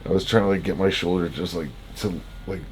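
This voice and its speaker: A young man with a notably low voice tells his story casually, laughing as he goes and peppering it with swearing and fillers. He sounds groggy, as if just out of surgery, with a faint hiss of background noise under him. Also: fairly even intonation, brisk. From Canada. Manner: laid-back, laughing often, swearing, rambling with many likes. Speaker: fitness vlogger. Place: hospital room.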